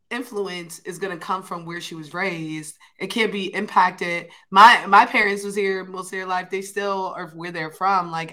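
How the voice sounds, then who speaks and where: Teasing woman, bright lively voice. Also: mid-range voice. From Chicago area, United States. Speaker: podcast guest. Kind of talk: casual group chat.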